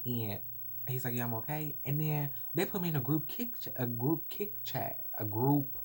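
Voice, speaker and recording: A man's voice: mid-range voice, animated, normal speed, mellow, breathy edge. A young man telling a painful personal story to camera in an emotional, rambling and apologetic way. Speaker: vlogger.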